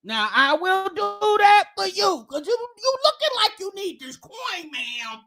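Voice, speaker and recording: A woman hosts a comedic live stream. Her voice sits very high and sounds bright and sharp, and her pitch swings widely as she teases her guest with loud banter. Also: very animated, unhurried. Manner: loud teasing banter, mimics stammering. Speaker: livestream commentator.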